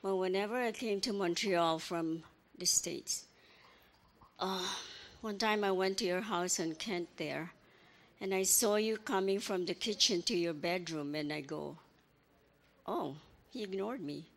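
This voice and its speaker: An older woman giving a halting, emotional memorial speech as a grandmother, full of apologies and small stories. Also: fairly low pitch. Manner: halting, apologetic, tells little anecdotes.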